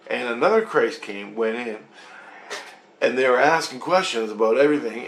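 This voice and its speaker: A man's voice: medium pitch, vocal fry, a little hiss or hum. Man rambling in an echoey room. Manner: rambling, profane, restarts sentences. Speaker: vlogger recounting a dream. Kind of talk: rambling monologue.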